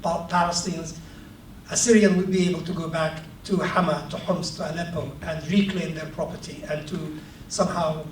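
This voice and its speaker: A man speaking thoughtfully in a discussion, pausing and repeating words as he works through his point. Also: fairly high pitch, steady tone, roomy sound, recorded from a distance, a little hiss or hum, rough recording. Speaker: panel speaker. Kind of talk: reflective discussion.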